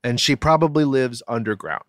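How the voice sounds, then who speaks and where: A man's voice: medium pitch, normal speed. A man co-hosting a casual talk show, joking and ranting with lots of swearing. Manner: animated, profane, jokey rants. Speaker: podcast co-host. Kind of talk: casual chat.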